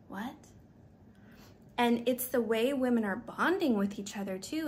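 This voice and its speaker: A woman's voice: medium pitch, slight background noise. Candid woman giving wellness advice. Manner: candid, animated, acts out quoted apologies. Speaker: wellness coach. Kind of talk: casual advice monologue.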